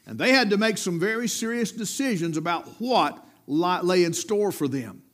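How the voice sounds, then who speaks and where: A middle-aged man preaching a sermon, with rising emphatic peaks and low dropped endings. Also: animated, moderate pace, a bit bright.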